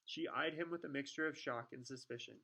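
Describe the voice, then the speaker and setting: A man's voice: medium pitch, a little fast, sharp tone. Man reading a storybook aloud. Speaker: audiobook reader. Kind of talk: storybook narration.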